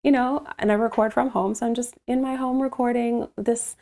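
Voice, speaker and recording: A woman's voice: on the high side, a little fast, few pauses, darkish tone. A woman voice-over artist, recording from home, chatting animatedly about her work with frequent laughs and fillers. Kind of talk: casual interview chat.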